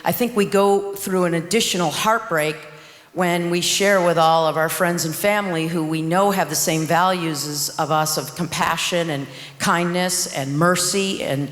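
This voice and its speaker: An earnest speaker reflecting in a halting way. The voice rings out through a large hall with a long reverb. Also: mid-range voice, a bit bright. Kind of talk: sharing personal reflection.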